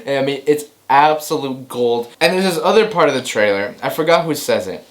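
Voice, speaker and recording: Male host, casual movie chat, excitable and rambling, mid-pitched voice. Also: brisk. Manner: excitable, rambling, repeats himself, laughs often. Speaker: host of a movie news show.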